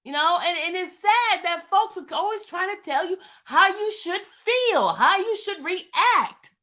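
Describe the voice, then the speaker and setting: A woman's voice: very high-pitched, animated, unhurried, pushed and bright. A woman in her fifties venting in an emphatic, repetitive monologue to her viewers. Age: 50s. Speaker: vlogger. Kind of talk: impassioned monologue.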